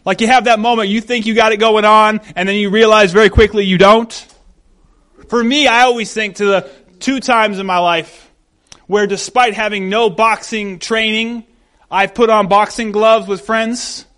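A man's voice: sits high, fairly even intonation, normal speed, a bit bright. A man preaching a conversational sermon, acting out the voices of the people he quotes.

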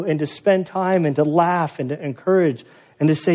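A man's voice: a little high, normal speed, a little mellow, lo-fi sound. A man preaching a sermon as pastor, conversational and storytelling, building to emphatic peaks. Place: church sanctuary.

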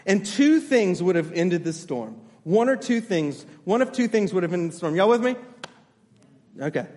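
A man's voice: sits high, big pitch swings, normal speed, darkish tone, in a large hall. A man pastor delivering a sermon, emphatic, repeating his key phrases and checking in with the congregation.

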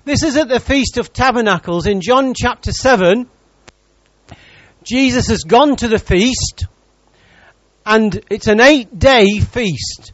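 A man with a very high-pitched voice preaches a sermon as pastor, lively and teasing, joking with his congregation between points. The audio is dull with no room sound.

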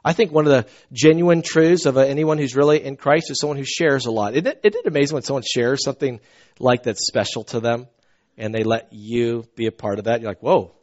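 A middle-aged man from the American South preaching a sermon, animated and earnest, often restarting his sentences. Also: medium pitch, brisk. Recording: dull lo-fi sound.

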